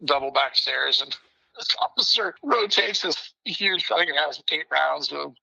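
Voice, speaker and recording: A middle-aged man telling a story as a podcast guest, animated and acting out quotes and sound effects, on dull lo-fi audio. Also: fairly high pitch, measured pace, creaky, breathy edge. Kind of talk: casual spoken storytelling.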